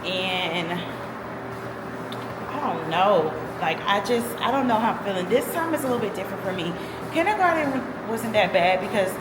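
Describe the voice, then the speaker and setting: Emotional young mother, roomy echo, noisy fan. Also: mid-range voice. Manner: emotional, rambling, with fillers and "y'all". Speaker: vlogger. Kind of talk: casual vlog chat. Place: home with a fan running.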